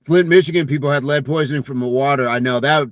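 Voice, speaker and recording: A man's voice: mid-range voice, fast talker, dry recording, studio quality. A man hosting a casual fitness live stream, reading viewer comments aloud in a jokey, friendly way and laughing often.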